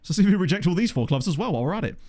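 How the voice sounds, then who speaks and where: A man giving casual gameplay commentary from a home desk microphone, chatty and thinking aloud, often breaking into excited exclamations. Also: high-pitched, very fast. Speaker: game commentator.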